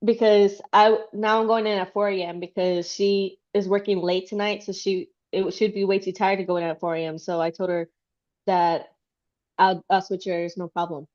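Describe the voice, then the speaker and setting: A woman's voice: medium pitch, little pitch movement, normal speed, darkish tone, dull audio. A woman chatting casually and rambling, with lots of fillers and giggles. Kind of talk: casual chat.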